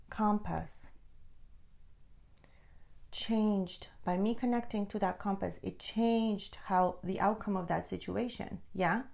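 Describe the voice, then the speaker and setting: A woman giving a spiritual guidance talk, checking in with viewers and dropping into soft near-whispers. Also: medium pitch, gravelly. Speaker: spiritual teacher.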